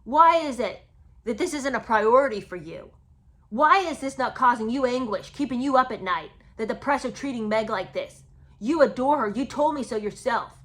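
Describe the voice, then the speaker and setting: A whiny, self-righteous young man pleads and protests with loud emphasis, as a woman mimics him. She lifts her usual voice a little as she does it. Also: fairly high pitch, expressive, unhurried. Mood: pleading.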